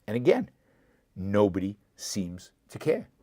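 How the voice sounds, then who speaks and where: A man's voice: fairly low pitch, huge pitch swings, unhurried, dark tone, no echo. A man hosting a live political commentary show, speaking with impassioned indignation and answering viewer comments directly. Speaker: show host.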